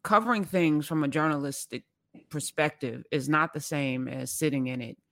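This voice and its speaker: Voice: mid-range voice, normal speed, creaky, a bit bright. A host in an interview, speaking in a reflective, thankful way.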